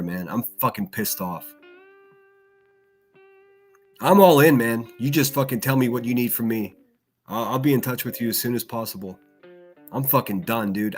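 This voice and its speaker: A man hosting a livestream, ranting angrily with lots of swearing and repeated phrases. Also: mid-range voice. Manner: heated, profane, repeats himself. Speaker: livestream host. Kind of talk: angry ranting commentary.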